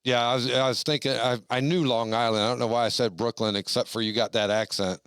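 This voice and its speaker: A male podcast host with a smooth, clear voice, recorded close and dry. He chats in a loose, rambling way and leans on fillers. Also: mid-range voice, steady tone, fast, fairly bright tone, dry recording. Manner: chatty, rambling with many fillers. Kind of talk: casual podcast conversation.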